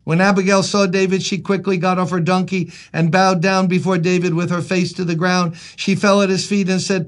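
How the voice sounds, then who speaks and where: A man's voice: high-pitched, moderate pace, few pauses. A male pastor preaching a sermon in an emphatic, conversational way, asking his listeners rhetorical questions.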